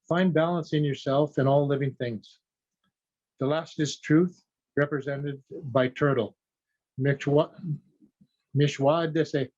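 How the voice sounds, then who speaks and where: A man giving a talk on traditional teachings and telling a story, in a slow, measured way. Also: a little high, a little mellow. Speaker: conference speaker. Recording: dull lo-fi audio.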